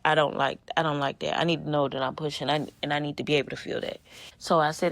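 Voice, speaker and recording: Gravelly woman in her thirties, candid. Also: deep voice, animated, a little fast, no echo. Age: 30s. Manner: candid, emotional, conversational with casual slang. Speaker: podcast host. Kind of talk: personal storytelling.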